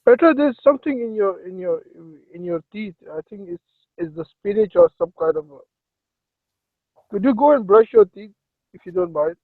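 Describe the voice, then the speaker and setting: A man on a video call speaking halting, non-fluent English, apologetic and hesitant with many restarts, heard through dull call audio. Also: high voice, animated, no echo. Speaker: chat participant.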